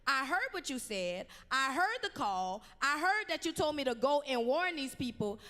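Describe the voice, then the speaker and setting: A defiant male prophet who wants no part of his mission, talking casual and slangy. A woman plays him in her own high voice. The sound rings out with the long reverb of a large hall. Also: sing-song, moderate pace, sharp tone, exaggerated voice.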